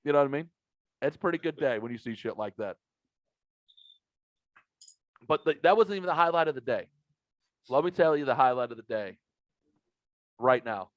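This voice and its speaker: A man hosting a podcast and telling a story in casual chat, profane and animated. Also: medium pitch, fast talker, pauses often, dry recording, muffled recording. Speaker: podcast host.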